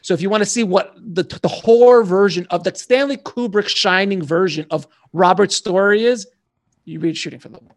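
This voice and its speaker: A man telling animated, slangy stories as an author guest in a casual interview. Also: sits high, moderate pace, dry recording.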